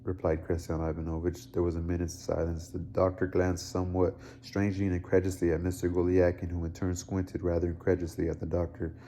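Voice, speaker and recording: Male reader, dark mellow tone, steady read-aloud narration with small restarts. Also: low voice, fast, hardly any pauses. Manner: steady reading with occasional slips and restarts.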